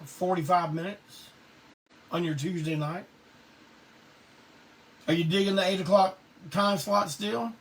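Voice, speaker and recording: A middle-aged man, hosting a live online show and telling stories casually, salty and quick to laugh. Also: high voice, steady tone, fairly bright tone. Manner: laid-back Southern drawl, salty, laughs often. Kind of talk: casual storytelling to a live audience. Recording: distant mic with faint background noise.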